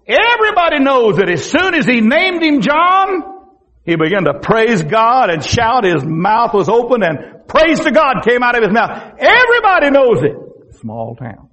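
A man preaching a sermon as a pastor, with a husky voice and folksy storytelling that breaks into shouts. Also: high voice, dull audio.

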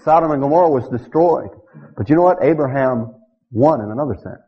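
A middle-aged man preaching a sermon. He reads scripture emphatically and builds to loud declamation. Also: mid-range voice, animated, fairly quick. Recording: dull lo-fi church recording.

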